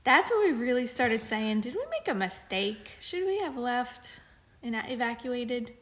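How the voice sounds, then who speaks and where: A woman's voice: a little high, very animated, unhurried. A woman co-hosting a podcast, telling a story in casual chat with plenty of fillers and restarts. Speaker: podcast co-host.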